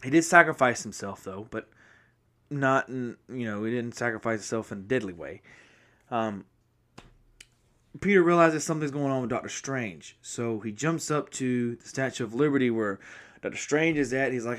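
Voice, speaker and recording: A man's voice: medium pitch, normal speed. Rambling male podcast host recapping. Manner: rambling, often restarts and corrects himself; speaks from memory, apologetic and excitable. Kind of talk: casual spoken movie recap.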